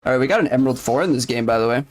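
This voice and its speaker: A man's voice: mid-range voice, racing, slight background noise. A man streaming a game, chatting casually and rambling along to his viewers. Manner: rambling, chatty, talks to chat. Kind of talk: casual live-stream chat.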